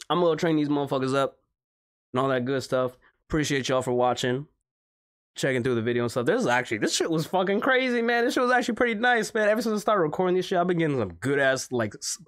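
A young man giving casual, excitable commentary on a mobile game, swearing freely and laughing often. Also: medium pitch. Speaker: gaming YouTuber.

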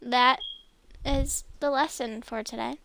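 A young woman talking casually to herself while playing a video game, chatty and quick to apologize and laugh. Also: a little high, fairly even intonation, gravelly, a bit bright. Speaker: gameplay streamer.

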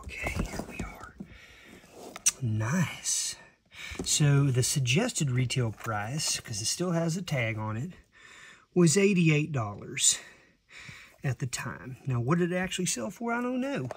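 A man vlogging as a reseller, unboxing items in excited, halting casual commentary that sometimes drops to a whisper. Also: a little high, a little hiss or hum.

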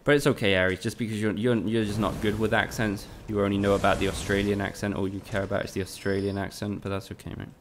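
A man's voice: on the low side, flat delivery, fast talker, hardly any pauses, a little hiss or hum. A young man from Spain, chatting casually with his viewers and swearing freely while he streams a game. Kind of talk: casual live-stream commentary.

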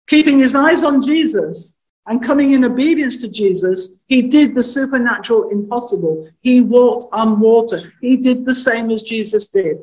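A woman minister preaching a sermon, earnest, asking the listeners pointed questions and slowing down to stress key phrases. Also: a little high, dark tone, low-quality recording.

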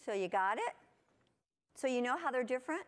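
Woman, conference presenter, lively lecture, questions to the audience, somewhat high pitch. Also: a little fast. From United States. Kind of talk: lecture to teachers. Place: conference hall.

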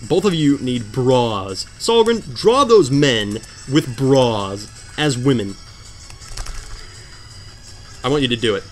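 A man commentating a hard video game, sarcastic and mock-dramatic, swinging from low mutters to sudden outbursts. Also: animated, takes it slowly, long pauses, faint music behind. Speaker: gameplay commentator. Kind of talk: let's play commentary.

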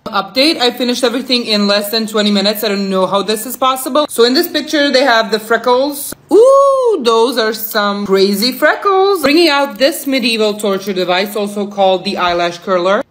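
A woman's voice: medium pitch, brisk, hardly any pauses, a bit bright. A young woman chatting casually through a makeup vlog, playful and self-mocking. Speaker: makeup content creator.

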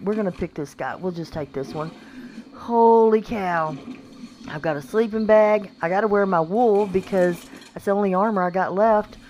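A woman giving casual commentary while playing a video game, exclaiming and talking to her in-game animals. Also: medium pitch. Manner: excitable, exclaims a lot, talks to her pets in the game. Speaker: gameplay video creator. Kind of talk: casual let's-play commentary. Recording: faint background noise.

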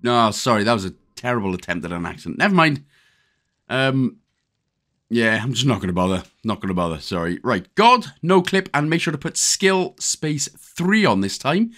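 A man's voice: medium pitch, a bit bright. A man with a Welsh accent giving a casual, jokey step-by-step game walkthrough as a channel host. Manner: chatty, jokey, step-by-step instructions.

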